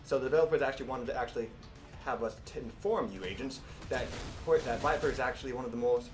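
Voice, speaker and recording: Man, fast-talking stream co-host, mid-pitched, light music under him. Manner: brisk, walks through game skills. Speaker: livestream co-host. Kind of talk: scripted in-character livestream presenting.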